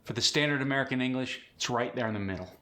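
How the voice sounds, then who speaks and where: A male accent coach giving a tutorial with a bright, forward voice. He explains each sound clearly and demonstrates it. Steady, instructive delivery at a mid pitch. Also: racing.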